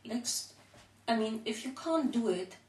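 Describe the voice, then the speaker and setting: Slow-counting woman, a bit breathless. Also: on the high side, animated, darkish tone. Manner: slow, counting out repetitions while exercising. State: a little out of breath. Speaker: home exercise instructor. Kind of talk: counting through a workout demonstration. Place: room at home. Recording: echoey room, mic far off.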